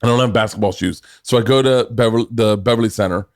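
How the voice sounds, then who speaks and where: A middle-aged man hosting a podcast, telling animated stories in casual chat, swearing freely and laughing as he talks. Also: on the low side, fast talker. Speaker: podcast host.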